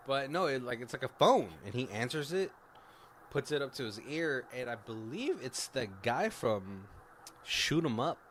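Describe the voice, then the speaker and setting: Co-hosting a podcast, a man loosely rambles through a film's plot in a casual recap, full of swearing and tangents. His voice is at a normal pitch for a man, a bit bright and very animated, though his pace is a little slow. There's a faint hum of background noise.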